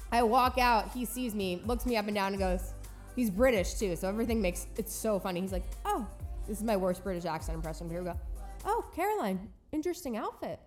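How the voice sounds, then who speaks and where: A young woman in her twenties, co-hosting a podcast and telling a story in a lively, casual way with quick impressions. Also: medium pitch. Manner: animated, laughing, quick impressions in dialogue. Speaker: podcast co-host. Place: New York.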